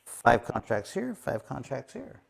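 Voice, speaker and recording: With a gravelly, mid-range voice and a measured pace, a middle-aged former boxer hosting a live show spins a long, casual story. He's animated, heavy on fillers, and performs the quoted lines in character.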